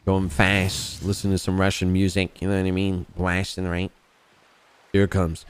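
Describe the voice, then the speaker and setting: A man's voice: deep voice, completely flat delivery, normal speed, clear, resonant tone, no room sound. A man talking in character during a roleplay game, rambling and swearing, padding his lines with "you know what I mean.". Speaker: roleplay gamer.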